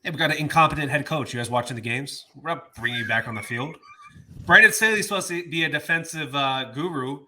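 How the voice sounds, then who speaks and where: A man's voice: a little high, fast, bright, forceful tone, a little hiss or hum. A man co-hosting a sports podcast, ranting in casual chat with exasperation. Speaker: podcast co-host.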